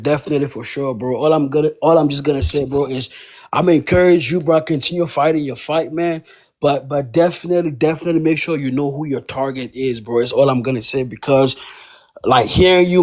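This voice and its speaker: A man gives a quick rebuttal in a live online debate, stammering and tossing in "bro" and "man" at every turn. His voice sits a bit high. The audio is dull and lo-fi. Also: darkish tone. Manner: fast, stammering, peppers speech with "bro" and "man". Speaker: debate participant.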